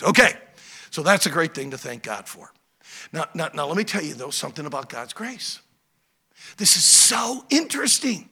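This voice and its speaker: A male pastor preaching and praying before a congregation, swinging between loud, insistent emphasis and hushed, intimate prayer. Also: sits high. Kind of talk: sermon with prayer. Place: church service.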